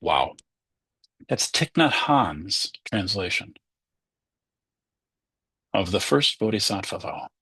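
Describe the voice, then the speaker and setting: A man's voice: on the low side, very animated, takes it slowly, long pauses, bright, forceful tone, slightly rough, no room sound. A man, a Zen teacher, giving a conversational dharma talk and acting out inner voices.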